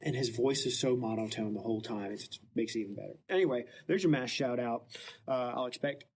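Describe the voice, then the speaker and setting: Man, podcast host, casual retelling, jokey, mid-pitched voice. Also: quick pace, darkish tone, a little hiss or hum. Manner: jokey, acts out quotes in voices. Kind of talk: casual chat retelling a book chapter.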